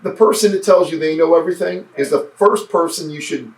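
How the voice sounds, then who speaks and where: A man's voice: fairly high pitch, brisk. A man talking earnestly and reflectively in a casual interview, often restarting his sentences. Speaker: podcast guest, former state senate candidate. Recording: roomy, mic at a distance.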